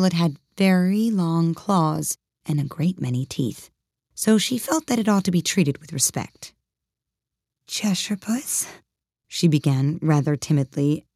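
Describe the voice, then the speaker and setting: A woman narrates a storybook in a calm, even manner. Her voice is low and mellow. The recording is dry and close, with no room sound. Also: no echo. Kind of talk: storybook reading.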